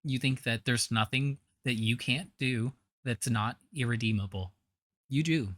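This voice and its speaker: A man's voice: mid-range voice, measured pace, a bit bright, dry recording, clean studio sound. A man giving blunt, scornful reaction commentary, with a trained singer's voice.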